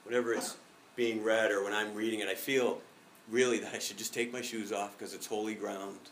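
A man's voice: fairly low pitch, level tone, brisk, a bit bright, echoey room, far from the mic, slight background noise, low-quality recording. A middle-aged male pastor giving a reflective sermon, telling a personal story.

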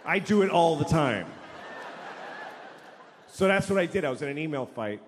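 A man's voice: a little high, lively intonation, normal speed. A man doing stand-up comedy on a large stage, ranting in a profane, exasperated way. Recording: long hall reverb, faint noise.

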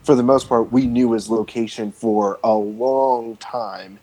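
A man's voice: medium pitch, fairly even intonation, a little slow, mellow, low-quality recording. A young man co-hosting a podcast, joking sarcastically and swearing freely. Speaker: podcast co-host. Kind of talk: casual chat.

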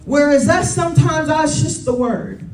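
High-voiced woman preaching, roomy and distant. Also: moderate pace, darkish tone. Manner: conversational, calls to congregation with "y'all" and "Amen". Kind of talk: sermon. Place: church.

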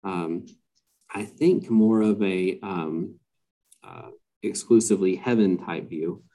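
Man, podcast guest, low pitch, soft warm tone, measured and halting, lots of ums. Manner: hesitant, many fillers and restarts. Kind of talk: casual podcast conversation.

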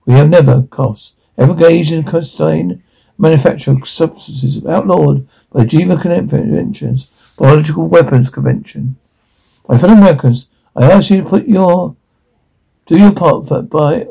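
A president delivers a formal, reassuring public address, read by a man with a gravelly voice. The tone is measured and official, and the voice is husky and dark. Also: fairly high pitch, heavily acted, poor audio.

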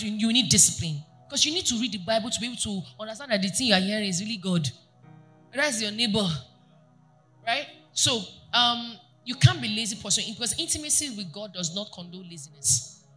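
A woman pastor preaching a sermon to her congregation, animated and often asking them questions. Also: mid-range voice. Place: church.

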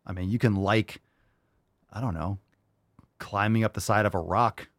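A man hosting a comedy podcast, joking in a mock-angry, sarcastic way, jumping between loud jabs and low mutters. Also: steady tone, moderate pace, dry recording, clean studio sound. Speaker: podcast host. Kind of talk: casual comedic banter.

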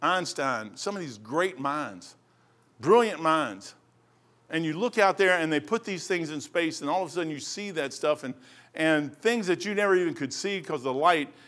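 High-voiced fervent preacher man. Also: animated, moderate pace. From Kentucky. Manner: fervent, swings between shouting and hushed asides. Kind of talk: impassioned preaching.

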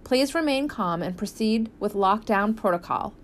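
A woman's voice: medium pitch, expressive, normal speed, close to an everyday voice. A woman voicing a school public-address announcer making a formal, urgent announcement in an audiobook.

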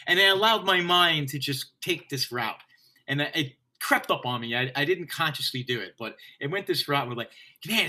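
Bright-voiced man telling a lively story. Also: fairly high pitch. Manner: profane, laughing, energetic storyteller. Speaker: stage actor, guest. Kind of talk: casual storytelling in a conversation.

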